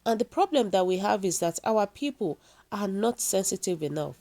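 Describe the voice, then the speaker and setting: A woman's voice: mid-range voice, animated, moderate pace, mellow. A woman with a Nigerian accent reading a news story and then giving her opinion to viewers, earnest and full of rhetorical questions. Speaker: news commentator.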